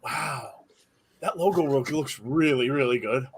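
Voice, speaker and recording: A man's voice: mid-range voice, a little slow, breathy edge. A man hosting a live wrestling watch-along in casual commentary, chatty and jokey, reading viewer comments aloud.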